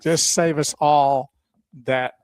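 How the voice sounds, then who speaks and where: A man's voice: fairly high pitch, fairly even intonation, slow pace, smooth, no echo. A man co-hosting a radio talk show, chatting with his partner and walking listeners through steps. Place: radio studio.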